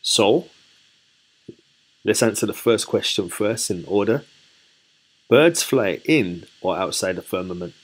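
Husky, low-voiced man teaching scripture. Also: takes it slowly, pauses often. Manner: asks the listener questions, then answers them; relaxed, chatty and self-correcting. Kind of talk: casual Bible study talk.

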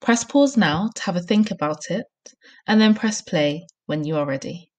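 A primary school teacher gives a recorded reading lesson, with clear, encouraging instructions. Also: female voice, on the low side, animated, moderate pace, darkish tone.

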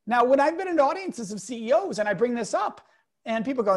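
An emphatic male speaker, a guest educator in an interview, lays out his points with lively energy and slips in acted-out quotes as he tells anecdotes. His delivery is expressive and driven. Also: extremely high pitch, fairly quick. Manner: emphatic, lively, acts out quotes in different voices.

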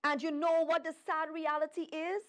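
A woman's voice: sits high, flat delivery, normal speed. A woman preacher delivering a sermon, telling the story dramatically and calling out fervently to her listeners. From Trinidad and Tobago.

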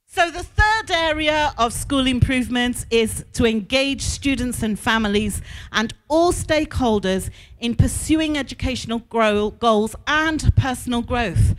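A woman school consultant giving a talk to school staff in a conference hall, telling stories with lively, emphatic repetition. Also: on the high side, measured pace.

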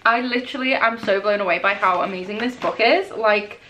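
A young woman talks through a book unboxing in a gushing, excitable rush, sounding emotional and close to tears. Her voice is bright and forward, at an ordinary pitch for a woman, with a faint hiss of noise underneath. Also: a little fast. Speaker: book vlogger. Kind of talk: casual unboxing vlog.

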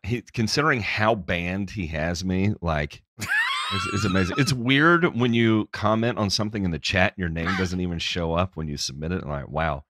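A man co-hosting a podcast, reading news items with sarcastic, profane, animated commentary on a close mic. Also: low-pitched, normal speed, dry recording. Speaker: podcast co-host.

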